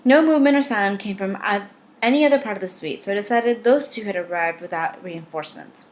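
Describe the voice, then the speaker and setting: A woman's voice: medium pitch, brisk, darkish tone. A woman reading a novel aloud in first person, with a wry, dry delivery. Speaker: audiobook reader.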